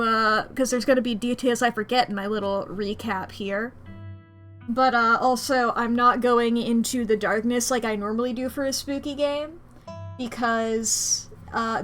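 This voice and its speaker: Woman streamer, casual chat. Higher-pitched, giggly, loose and rambling delivery over soft music. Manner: rambling, giggly, self-correcting.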